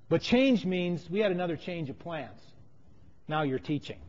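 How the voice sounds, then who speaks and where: A man preaching a sermon, telling a story from his teaching work with emphatic lines that fall to quiet phrases. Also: a little high, lively intonation, moderate pace. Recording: dull sound with long hall reverb.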